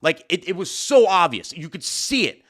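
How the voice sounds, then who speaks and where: Excitable man telling a story. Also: sits high, moderate pace. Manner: animated, excitable storytelling with many fillers. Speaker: DJ and live stream host. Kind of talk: casual live stream storytelling. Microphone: studio mic at a desk.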